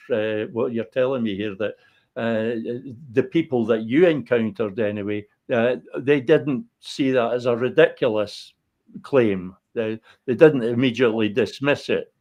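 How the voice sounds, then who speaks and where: A man from Fife hosts an interview, speaking at an ordinary pitch. He is thoughtful and hesitant, full of pauses and restarts as he puts his questions together. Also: a little mellow. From Fife, Scotland. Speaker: interview host. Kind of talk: conversational interview.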